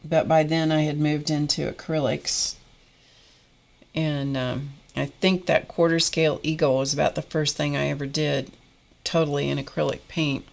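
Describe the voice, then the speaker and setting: A woman's voice: sits low, fairly even intonation, normal speed, creaky, a little mellow. A woman hosting a live painting class, telling rambling stories as she paints and greeting chat viewers by name. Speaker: art instructor hosting a live painting stream. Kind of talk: casual live-stream chat while painting.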